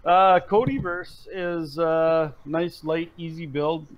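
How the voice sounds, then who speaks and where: A man calling into a live stream, giving relaxed, matter-of-fact explanations. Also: a little high, takes it slowly, poor audio. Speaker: guest on call. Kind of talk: casual live stream chat.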